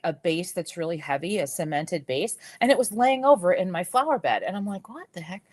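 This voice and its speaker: A woman in her fifties hosting a live jewelry sales stream, telling stories in a lively, laughing way and talking straight to her viewers. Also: medium pitch, dry recording. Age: 50s. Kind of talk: chatty live-stream storytelling.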